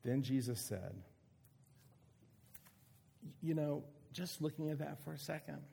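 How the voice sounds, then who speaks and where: A man preaching an earnest, emphatic sermon with dramatic pauses. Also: a little high, animated, gravelly, warm tone, husky. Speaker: pastor.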